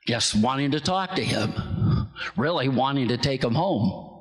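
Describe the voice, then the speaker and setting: A man preaching a sermon as pastor, moving from slow, low musing to shouted exclamations. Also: expressive, reverberant, big-room sound, low-quality recording.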